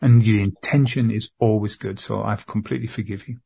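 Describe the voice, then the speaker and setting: A man in a therapy session, speaking earnestly to an empty chair with halting, repeated phrases. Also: on the low side, fairly even intonation, vocal fry, dark tone, husky. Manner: earnest, repetitive, halting with restarts. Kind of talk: emotional spoken address to an empty chair.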